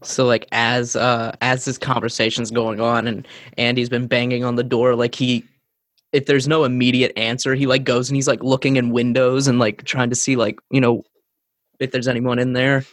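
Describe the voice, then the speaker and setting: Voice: medium pitch, little pitch movement, normal speed, no echo. Player describing his character, rambling and filler-heavy, dry close mic. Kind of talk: casual tabletop game play.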